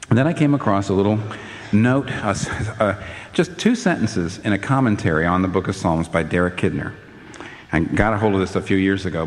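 An older man preaching a sermon in an animated way, his voice climbing to emphatic peaks, with frequent restarts. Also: low-pitched, long reverb tail.

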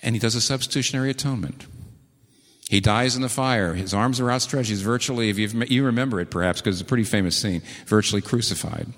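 A man preaching a sermon, telling stories earnestly and slowing down to repeat key words with emphasis. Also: medium pitch, fairly bright tone, in a large hall. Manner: earnest storytelling with slow emphatic repetitions. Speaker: pastor.

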